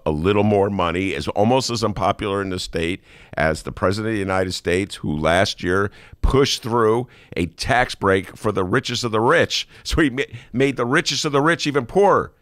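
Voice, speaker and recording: Wry, gravelly-voiced man riffing on politics. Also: low voice, no echo, clean studio sound. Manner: wry, sarcastic, rambling with asides. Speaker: podcast host. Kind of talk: casual political commentary.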